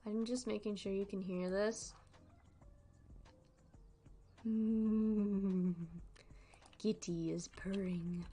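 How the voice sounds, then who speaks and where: Playful young woman streamer, slow talker. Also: medium pitch, fairly even intonation, mellow. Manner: playful, giggly, chatty. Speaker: horror game streamer. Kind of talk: casual gameplay chat.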